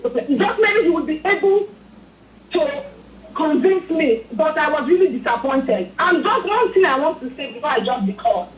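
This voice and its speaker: A Nigerian woman from Edo State calling in to a talk show, giving impassioned, angry political commentary and pleading again and again. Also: high voice. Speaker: phone-in caller. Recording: echoey tinny phone line.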